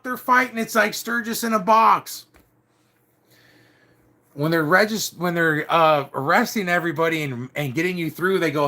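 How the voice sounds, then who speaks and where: A man's voice: on the high side, moderate pace, creaky, sharp tone. A middle-aged man casually telling a rambling story, peppered with "dude" and "like". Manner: rambling, swears mildly, says "dude" and "like" often. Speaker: storyteller recounting biker club days.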